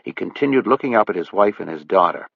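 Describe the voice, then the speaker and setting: Low-voiced male audiobook narrator. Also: animated, fast talker, gravelly, no echo. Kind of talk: scripted narration. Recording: dull lo-fi dry audiobook recording.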